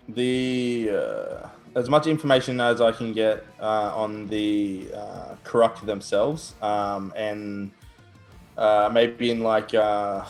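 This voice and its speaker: A man playing in an online tabletop game, talking hesitantly with many ums and uhs. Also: fairly low pitch. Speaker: player. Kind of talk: casual tabletop game talk.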